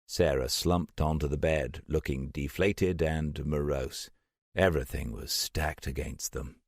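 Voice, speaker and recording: A man narrating an audiobook in a measured storytelling manner. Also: very deep voice, fairly even intonation, vocal fry, no room sound, clean studio sound.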